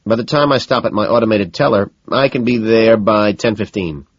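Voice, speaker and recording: A man's voice: on the low side, quick pace, breathy edge, dry recording, muffled recording, voice pushed up. An audiobook narrator voicing a cool, gleeful young businessman. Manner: cool, breezy.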